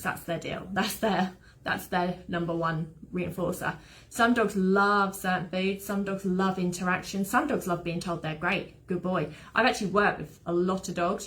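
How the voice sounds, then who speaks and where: A woman's voice: medium pitch, fairly bright tone. A woman who trains dogs, giving an informal, rambling online talk full of anecdotes. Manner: chatty, rambling, fond of anecdotes. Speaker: dog behaviour trainer.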